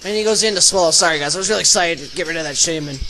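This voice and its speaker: A young man narrating his online game battles as a channel host, energetic and breaking into loud excited shouts. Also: on the high side, racing, slight background noise, low-quality recording. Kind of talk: excited battle commentary over gameplay video. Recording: voice-over with faint background music.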